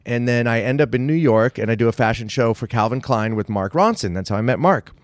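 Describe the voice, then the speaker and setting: A man's voice: medium pitch, brisk, no room sound. A man in his fifties, a podcast guest telling rambling, profane stories in casual interview talk. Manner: profane, rambling, animated storyteller.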